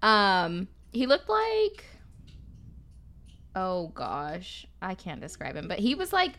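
A young woman chatting casually as a podcast co-host. She tells stories with energy and lifts her pitch when she quotes people. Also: slow pace. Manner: animated storyteller, acts out quotes in a higher voice. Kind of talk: casual chat.

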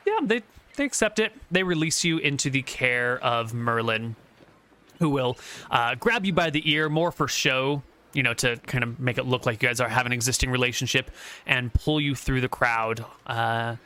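A man's voice: medium pitch, bright, forceful tone. A man narrating a tabletop game as game master, talking loosely with fillers.

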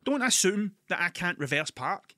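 A Scottish man hosting a podcast, telling stories in an animated, sweary, ranting way. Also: high-pitched, moderate pace, no room sound, studio quality. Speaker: podcast host. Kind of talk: casual monologue.

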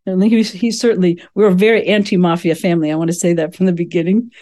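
A woman's voice: fairly low pitch, fairly even intonation, rapid-fire, mellow. A woman in her sixties from the United States, a podcast guest telling family stories in a rambling, anecdotal way with many asides. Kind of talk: conversational family storytelling.

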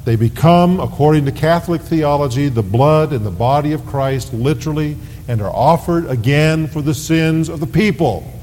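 A man preaching a sermon as pastor, slow and deliberate, leaning hard on key words. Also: a little mellow. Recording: 1990s sermon tape with long reverb and faint rumble.

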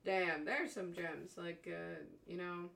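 A young woman co-hosting a casual chat, animated, laughing often and swearing constantly. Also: lowish voice, a little slow, creaky, slight background noise. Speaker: podcast co-host.

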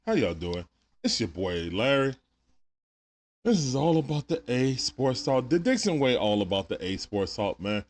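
Man, stream host, sore throat, laid-back slang, casual chat, pitch swings up and down a lot. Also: very animated, moderate pace. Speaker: live-stream sports watch party host.

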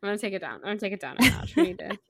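A woman co-hosting a podcast, chatting casually about a book and gushing between loud squeals and low murmurs. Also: sing-song, racing. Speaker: podcast co-host.

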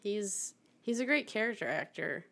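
A woman's voice: medium pitch, lively intonation, moderate pace, pushed and bright. A young woman co-hosting a film podcast, chatting casually with lots of fillers, restarts and laughter. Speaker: podcast co-host. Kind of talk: casual chat about films.

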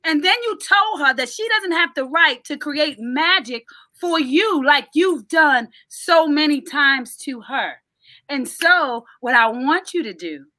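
High, bright-voiced woman giving advice. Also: dry recording. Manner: earnest, lecturing. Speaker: podcast co-host giving advice. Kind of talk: casual advice conversation.

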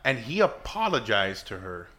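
A man with a very bright voice and a lively pitch co-hosts a podcast chat. He teases the others and drops quick jokes between laughs. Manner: teasing, chuckles between remarks. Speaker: podcast co-host. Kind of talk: casual chat.

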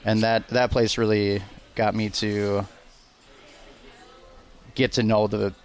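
A man, a guest chef, talking casually and plainly about his work history. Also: fairly low pitch. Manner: easygoing, plain-spoken, slow and even. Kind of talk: casual interview chat.

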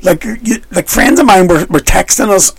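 Husky-voiced giggly man hosting. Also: high voice, expressive, no echo. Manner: giggly, storytelling, quick to laugh. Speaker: podcast host. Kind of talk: bawdy casual chat.

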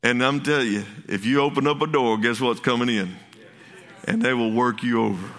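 Bright-voiced passionate pastor. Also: male voice, mid-range voice, fairly quick. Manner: passionate, repetitive restarts, folksy asides. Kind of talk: sermon.

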